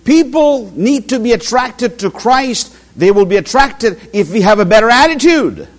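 A man's voice: very high-pitched, moderate pace. A middle-aged man preaching a sermon, telling stories and acting out quotes. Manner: animated storytelling with acted quotes.

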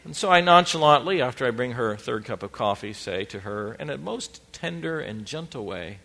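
A middle-aged male pastor tells his congregation a funny, self-deprecating story during a sermon, playfully acting out family scenes with animation. His medium-pitched voice has vocal fry, moving at a moderate pace with hardly any pauses.

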